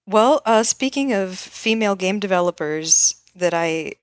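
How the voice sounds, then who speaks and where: A woman guest on a podcast, talking casually with a relaxed, friendly manner and many fillers. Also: medium pitch, measured pace, clear, resonant tone, dry recording, clean studio sound. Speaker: podcast guest, game developer. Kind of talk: casual interview chat.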